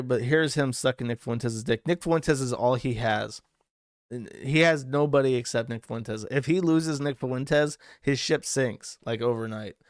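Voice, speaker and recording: A male commentary host mocks his subject in a crude, sarcastic, profane way. His voice is smooth and resonant, at a middling pitch. It is recorded close, with no room sound. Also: no echo. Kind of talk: mocking commentary on clips.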